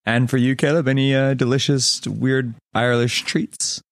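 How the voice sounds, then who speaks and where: A man's voice: mid-range voice, little pitch movement, moderate pace, dry recording. A man bantering and teasing friends at a tabletop game session, telling short anecdotes. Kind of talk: casual banter between players.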